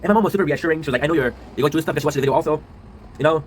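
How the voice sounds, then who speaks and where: A streamer and video creator in his twenties, low and worn out, rambles through a quick confessional monologue, swearing and tacking tag questions onto his lines. His fairly high voice rushes at a breakneck pace over a rough recording with faint background noise.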